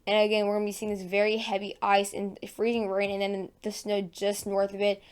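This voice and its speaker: A woman's voice: mid-range voice, completely flat delivery, fairly quick, smooth. A woman hosting a casual weather forecast vlog in her just-woken morning voice, chatty and full of fillers and self-corrections. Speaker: weather channel host.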